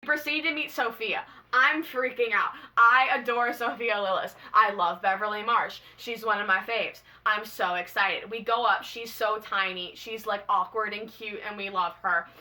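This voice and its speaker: A young woman telling a casual storytime, bubbly and excitable, gushing in slangy fan talk. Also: medium pitch, normal speed, few pauses. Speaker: vlogger.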